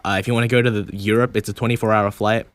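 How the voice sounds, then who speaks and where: A man's voice: fairly low pitch, little pitch movement, very fast, clear, resonant tone, no room sound. A young man with an Australian accent, English not his first language, chatting casually as a guest and laughing often. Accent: Australian, mixed with American and British. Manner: laughing, chatty, many restarts. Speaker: YouTuber and guest. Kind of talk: casual podcast chat.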